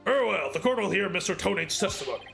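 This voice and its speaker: A man's voice: sits high, lively intonation, fast, vocal fry, fairly bright tone, faint music behind, full character voice. A man voicing a fussy, easily alarmed old male judge while reading game dialogue aloud. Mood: stern.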